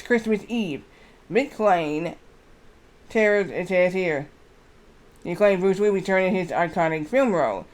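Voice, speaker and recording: A man streaming live, chatting casually and reading aloud haltingly with lots of fillers. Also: sits high. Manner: rambling, reads aloud haltingly with many fillers.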